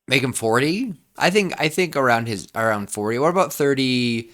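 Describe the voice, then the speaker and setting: A man in his twenties co-hosting a podcast, brainstorming in a rambling, excitable way with lots of restarts. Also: mid-range voice, moderate pace. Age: 20s. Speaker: podcast co-host. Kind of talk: casual brainstorming chat.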